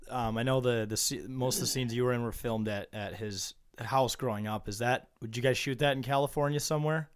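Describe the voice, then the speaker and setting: A man's voice: mid-range voice, fairly quick, clear, resonant tone. A man co-hosting a podcast, asking casual follow-up questions. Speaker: podcast co-host. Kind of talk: casual interview chat.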